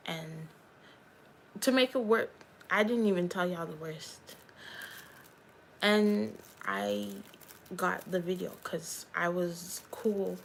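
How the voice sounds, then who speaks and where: A woman's voice: fairly low pitch, animated, slow pace, vocal fry, pauses often, slight background noise, low-quality recording. A young woman, a YouTuber and hairstylist, chatting candidly on a livestream and talking straight to her viewers. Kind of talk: casual livestream chat.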